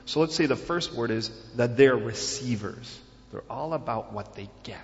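A man's voice: mid-range voice, expressive, moderate pace, long reverb tail, highs cut off. A man preaching a sermon in a conversational way, full of rhetorical questions and filler phrases. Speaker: pastor.

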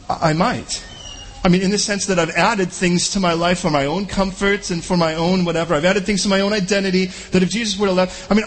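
A man preaching a sermon as pastor, conversational and animated, full of rhetorical questions. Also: sits high, slight background noise.

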